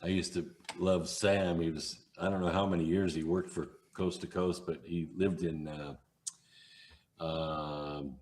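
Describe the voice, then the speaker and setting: Older radio guy w a low voice, sure of himself, telling old stories on a podcast. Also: steady tone, slow pace, a little mellow. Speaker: radio host and guest. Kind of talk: casual podcast chat.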